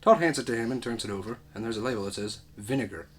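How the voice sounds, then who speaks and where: A man's voice: medium pitch, animated, very fast, slight background noise. A man reading a comedy script aloud, narrating the action and adding dry, wry asides. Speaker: script reader.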